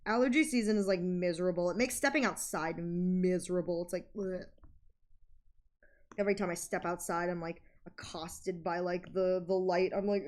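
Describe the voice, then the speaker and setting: A woman's voice: lowish voice, moderate pace. A woman streamer chatting casually while she draws, rambling through stories and acting out other people's lines. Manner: chatty and rambling, with frequent fillers and laughter; animated storyteller who acts out other people's lines.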